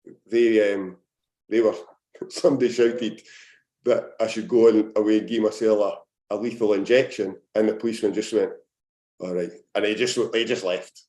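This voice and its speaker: A man's voice: on the low side, fairly even intonation, moderate pace, a little mellow. A young Scottish man, a podcast guest and former footballer, telling rambling anecdotes in casual chat with lots of fillers. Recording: roomy echo.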